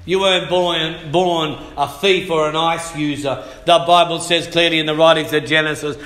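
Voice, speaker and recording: A middle-aged man, preaching a fiery sermon in church, sometimes shouting. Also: on the high side, steady tone, moderate pace. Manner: fiery, shouting and humming out rhythms. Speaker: pastor. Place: church hall. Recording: echoey church hall.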